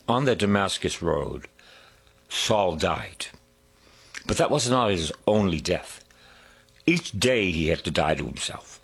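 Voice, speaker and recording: A man preaches in a slow, husky voice that rises and falls widely. He leans hard on key words, breaks into sung hymn lines and then sinks to a hushed whisper. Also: lowish voice. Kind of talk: sermon.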